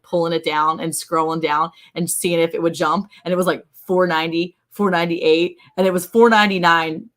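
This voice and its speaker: A woman hosting a casual livestream from a ranch home, chatty and excited and laughing often. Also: lowish voice. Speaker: livestream host.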